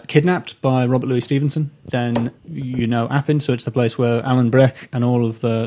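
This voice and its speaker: A man's voice: mid-range voice, darkish tone. A young man who is a comedian guest, chatting casually in a rambling, self-deprecating way with many restarts. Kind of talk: casual live chat.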